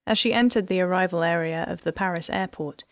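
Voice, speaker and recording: Reading scripted audiobook narration, a woman whose voice is on the low side tells the story in a measured, even way. The recording is dry, with clean studio sound.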